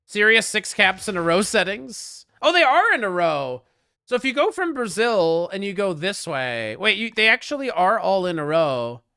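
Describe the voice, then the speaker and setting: A man streaming a strategy board game online, commenting casually, joking with chat and getting loud when frustrated. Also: sits high, animated, moderate pace, few pauses, clean tone, no room sound, studio quality.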